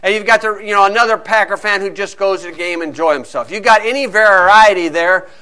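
Man preaching, high bright voice, animated storytelling with acted-out asides. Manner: animated storytelling, acting out fans in quick asides. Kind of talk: sermon with a sports illustration.

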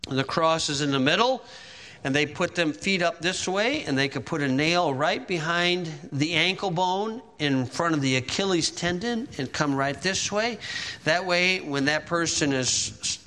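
A man's voice: a little high, lively intonation, moderate pace, sharp tone, in a large hall. A man preaching a sermon, retelling events in vivid, dramatic storytelling.

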